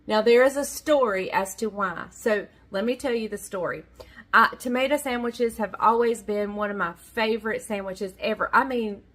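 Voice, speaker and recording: A woman's voice: a little high, a bit bright. A middle-aged woman with a Southern American accent, telling a rambling, folksy story in a casual kitchen vlog. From Southern United States. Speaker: vlogger. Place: home kitchen.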